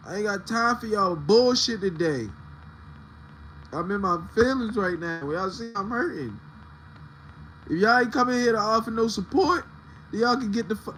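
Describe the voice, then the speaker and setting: A man's voice: high voice, animated, normal speed, long pauses, a bit bright, a little hiss or hum, rough recording. A man casually chatting to viewers on a livestream, loose and profane, joking about his heartbreak.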